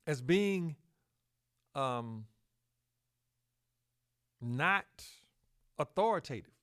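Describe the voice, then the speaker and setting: A man hosting a solo podcast, talking slowly with fillers and self-corrections, and pushing up on key words for emphasis. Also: fairly high pitch, animated, fairly bright tone, smooth. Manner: slow, halting delivery with fillers and self-corrections. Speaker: podcast host.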